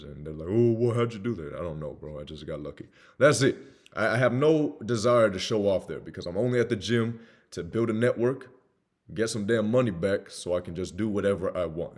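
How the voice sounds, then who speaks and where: A man's voice: low voice, a little mellow. A young man giving blunt, casual sales advice, swearing now and then and acting out sales calls. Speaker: sales coach. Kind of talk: casual monologue with acted examples.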